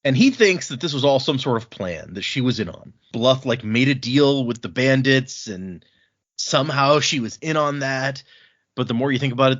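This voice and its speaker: A man co-hosting a casual book podcast, retelling scenes and tossing in quick quoted lines with frequent laughs. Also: medium pitch, a bit bright. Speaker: podcast co-host. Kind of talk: casual book-club chat. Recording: dull lo-fi audio.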